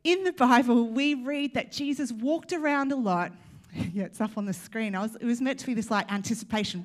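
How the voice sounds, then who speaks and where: An Australian woman preaches in a loose, chatty way, joking and talking straight to the people in front of her. Her voice sits a little high for a woman. She is young, and the sermon feels more like conversation than a lecture. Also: moderate pace. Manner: chatty, joking, addressing the congregation directly. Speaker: church speaker. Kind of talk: casual sermon.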